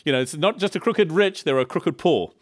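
A man from Africa, preaching a sermon in a lively style full of rhetorical questions and humorous asides. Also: on the high side, a little fast, no echo. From South Africa. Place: church in Liverpool.

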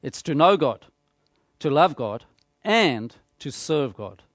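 Man, high voice, preaching a sermon, emphatic, repetitive phrasing, dry sound. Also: sing-song, dry recording. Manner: measured, emphatic, repeats phrases for rhetorical effect.

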